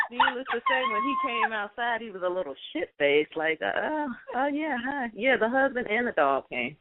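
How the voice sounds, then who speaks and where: A woman's voice: on the high side, huge pitch swings, measured pace. A woman co-hosting a talk show, telling a story with laughs and acted-out quotes. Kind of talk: casual chat. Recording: dry, phone-like lo-fi audio.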